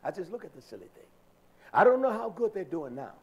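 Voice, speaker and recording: An older man preaching a sermon, animated and acting out the voices of people he quotes. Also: high voice, quick pace, slightly rough.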